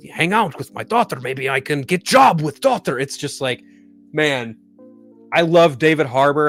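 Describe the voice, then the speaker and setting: A man's voice: mid-range voice, a bit bright. A man reviewing a superhero film in a casual vlog, gushing and swearing, often restarting his sentences. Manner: enthusiastic, profane, rambling with restarts. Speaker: movie review vlogger. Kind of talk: casual movie chat.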